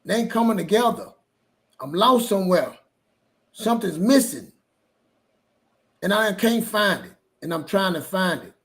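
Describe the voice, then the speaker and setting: Male co-host, high-pitched, casual and earnest storyteller. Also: animated, measured pace, long pauses, a bit bright. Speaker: podcast co-host. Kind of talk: personal storytelling.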